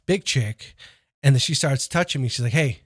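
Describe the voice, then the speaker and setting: A man's voice: medium pitch, moderate pace, no echo, clean studio sound. A man, a comedian guest on a podcast, telling rambling, profane stories and acting out his own lines in casual chat.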